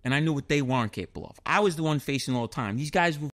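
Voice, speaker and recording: A brisk, fast-talking man with a thick New York accent and a somewhat high voice. He tells his stories as an interview guest, animated and often swearing, acting out the people he quotes. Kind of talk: casual storytelling.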